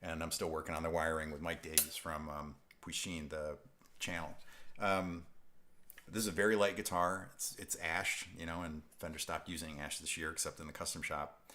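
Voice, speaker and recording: Deep-voiced male host from upstate New York; loose, chuckling live-stream chatter that wanders off topic. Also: flat delivery, moderate pace, bright, forceful tone, a little hiss or hum. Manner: rambling, self-interrupting, chuckling. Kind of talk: casual live-stream chat reading viewer comments.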